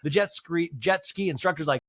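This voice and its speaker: A man hosting a podcast who recaps a reality show in a joking, animated way and acts out the quotes. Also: fairly high pitch, a little fast, no room sound, studio quality. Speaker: podcast host. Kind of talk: comedic TV recap.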